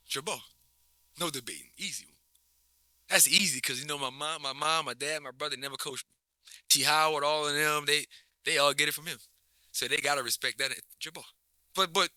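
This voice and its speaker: A man's voice: on the high side, moderate pace, pauses often, dry recording. Laid-back man rambling with restarts. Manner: relaxed, rambling, many restarts and slang. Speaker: basketball coach, guest. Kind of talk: casual interview chat.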